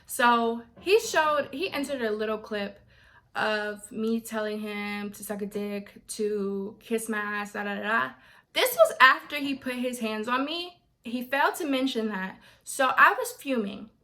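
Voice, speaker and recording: A young adult woman vlogger telling a story in a casual, animated way and acting out what others said. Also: on the high side, unhurried. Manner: animated, quotes others in voices.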